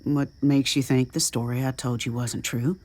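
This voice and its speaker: A woman voicing a young adventurous man with a soldier's past, speaking low and subdued. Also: steady tone, normal speed, mellow, dry recording. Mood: quiet.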